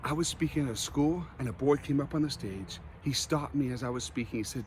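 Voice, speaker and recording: A man giving an emotional motivational speech, earnest, with dramatic pauses and a slight stutter. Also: mid-range voice, a little mellow, a little hiss or hum. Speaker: motivational speaker.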